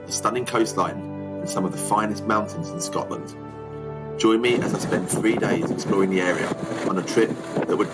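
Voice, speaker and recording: A man's voice: lowish voice, a bit bright. A young man talking chattily and cheerfully to a handheld camera while vlogging a hiking trip, with a self-mocking humour. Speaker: travel vlogger. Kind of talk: hiking travel vlog chat.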